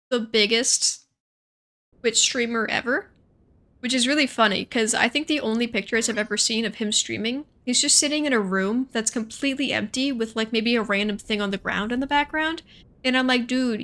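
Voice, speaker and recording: A woman's voice: a little high, bright, forceful tone. A young woman streamer chatting casually while playing a game, thinking aloud and rambling between moves. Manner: chatty, thinks aloud, quick asides and self-talk. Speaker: gaming streamer. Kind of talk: casual gameplay commentary.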